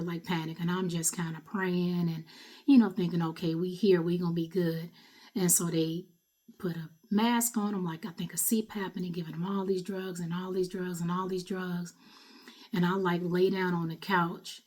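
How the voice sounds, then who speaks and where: A woman's voice: lowish voice, darkish tone. Middle-aged woman telling an emotional story. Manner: emotional, conversational, recounting an ordeal. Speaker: vlogger, mother. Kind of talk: personal storytelling to camera.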